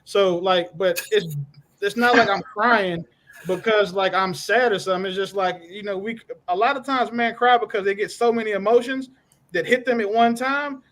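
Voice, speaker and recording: A man's voice: high voice, normal speed, a bit bright. A man in his thirties in a casual panel chat, laid-back, blunt and joking.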